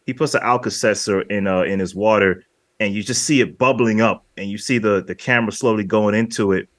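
A man with a fairly low voice, talking casually about films as a podcast co-host. He rambles a little between points and sounds dry and close, with no room behind him. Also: fairly quick, no echo. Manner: rambling, acts out movie lines in quoted voices. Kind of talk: casual film discussion.

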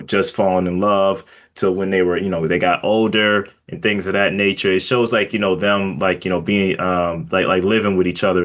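Male podcast co-host, lowish voice, loose and rambling film talk. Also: fairly bright tone. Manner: rambling, many fillers and restarts. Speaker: film reviewer. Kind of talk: casual podcast discussion.

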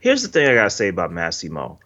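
A man's voice: sits low, wildly swooping pitch, fast talker, pushed and bright. A man co-hosting a casual movie review podcast, talking animatedly and acting out characters' lines. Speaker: podcast co-host. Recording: slightly dull lo-fi audio.

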